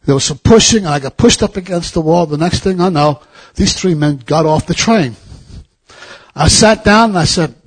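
A middle-aged man with a husky, slightly raised voice preaches to his congregation. He tells a personal travel story in an easy, anecdotal way, then presses his point home with fervent repeated questions. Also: on the high side, animated, normal speed. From United States. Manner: anecdotal, rising to fervent exhortation. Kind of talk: storytelling sermon.

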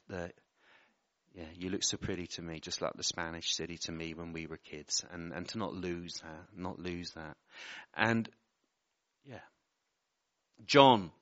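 Guy preaching, low bright voice, keeps apologizing mid-sermon, dull lo-fi sound. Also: dry recording. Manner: earnest, self-interrupting, apologetic asides. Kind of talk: sermon with personal prophetic words.

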